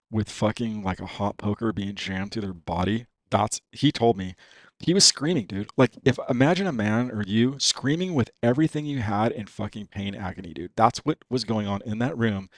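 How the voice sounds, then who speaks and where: A man with a low, gravelly voice tells a story at a rambling pace, peppering it with swearing and "dude." The sound is close and dry, with no room around it. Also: no room sound. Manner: profane, rambling, heavy use of "dude" and "you know what I mean". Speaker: podcast guest. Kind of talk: casual storytelling.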